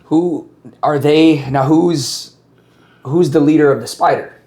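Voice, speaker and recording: A man interviewing a guest, asking questions in a halting, hesitant way. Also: on the high side, dark tone.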